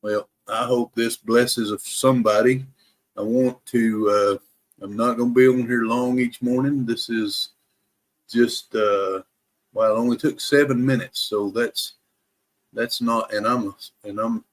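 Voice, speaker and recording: A man hosting a daily Bible live stream, reading scripture aloud slowly and deliberately, careful to pronounce every word, with casual asides to his viewers. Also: medium pitch, fairly even intonation.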